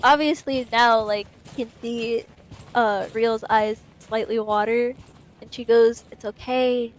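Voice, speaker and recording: Woman telling what her character does in a tabletop game, kinda high voice, slow and chatty. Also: steady tone, low-quality recording. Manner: casual, chatty, with many fillers. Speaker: player. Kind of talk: tabletop role-play narration.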